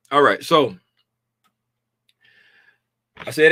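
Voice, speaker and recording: With a fairly high, pushed and bright voice, this futures trading educator moves at a measured pace through his trading charts, pausing often. He keeps it colloquial and loose, repeating "right?" after most points, and sounds somewhat tired and draggy. Studio-clean audio, no echo.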